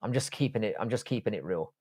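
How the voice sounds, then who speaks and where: A fairly low-pitched, slightly mellow male voice with lively intonation and a quick pace belongs to a livestream host from Cork, Ireland. He reads viewer questions and responds bluntly, swearing heavily and alternating between jokes and asides.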